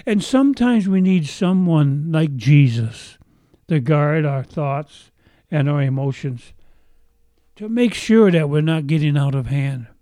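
Brief: man preaching a sermon, slightly high, mellow voice, earnest drawn-out emphasis. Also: animated, no room sound. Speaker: pastor.

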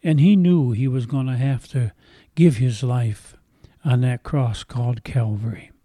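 A man's voice: medium pitch, unhurried, dark tone, dry recording. An older man preaching a sermon in an earnest, emotional way, retelling a story dramatically.

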